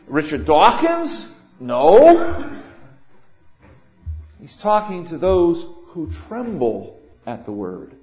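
An older man preaching a sermon, swinging between loud emphatic lines and quiet asides. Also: fairly high pitch. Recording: echoey room, dull lo-fi sound.

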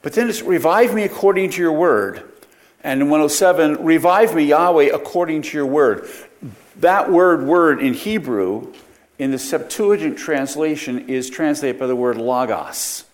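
A man's voice: a little high, moderate pace. A man teaching a Bible study lecture, explaining verses with frequent rhetorical questions and self-corrections.

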